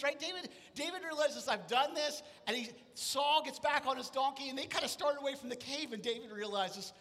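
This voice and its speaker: A man preaching a sermon, telling a story with lively acted-out voices. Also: very high-pitched. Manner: animated storytelling, acting out voices. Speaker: pastor. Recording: hall reverb.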